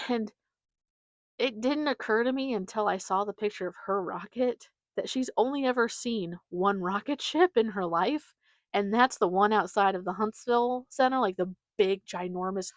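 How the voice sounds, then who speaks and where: In this casual solo chat, a young woman hosting her podcast fills her talk with fillers and giggles. She has a mid-range voice, and there's no room sound.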